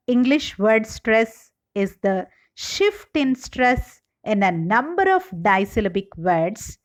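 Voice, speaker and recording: A woman giving a slide-based English lecture, reading out example words one by one in a slow, deliberate way. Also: a little high, fairly bright tone.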